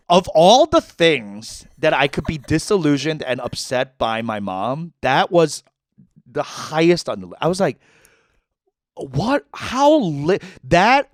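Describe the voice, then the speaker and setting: Animated, swearing storyteller man. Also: fairly high pitch, no room sound, clean studio sound. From United States. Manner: animated storytelling, swears, mimics his mother. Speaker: podcast co-host. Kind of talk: casual comedic chat.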